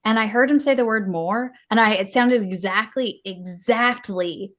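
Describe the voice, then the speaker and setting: A woman with a somewhat high voice co-hosting a relaxed film podcast. She is blunt and opinionated, swearing freely as she talks. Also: moderate pace. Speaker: podcast co-host. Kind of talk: casual film discussion podcast.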